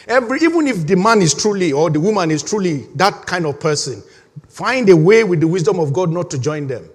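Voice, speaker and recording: A man preaching a sermon as pastor, animated, laughing often and leading the congregation in reading together. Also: high voice. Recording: long hall reverb.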